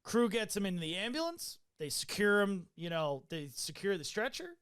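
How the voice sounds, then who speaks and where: A man's voice: sits high, very animated, normal speed, fairly bright tone, clean tone. A man hosting a podcast, casually recounting a medical call in a loose, profane way with many fillers. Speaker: podcast host.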